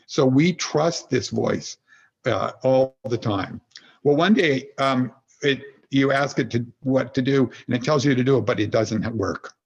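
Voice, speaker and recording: A man's voice: mid-range voice, a little slow, vocal fry, breathy edge, lo-fi sound. A man as a podcast guest, explaining ideas through storytelling, acting out little inner voices, often stopping to restart a thought. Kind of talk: conversational explanation.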